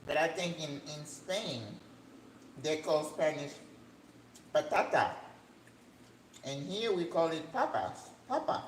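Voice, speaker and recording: A woman's voice: slow, long pauses. Chatty older woman in an echoey kitchen. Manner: chatty, rambling, with sudden excited jumps in pitch. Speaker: cooking channel host. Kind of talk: casual cooking chat. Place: home kitchen. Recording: echoey room with faint background hum.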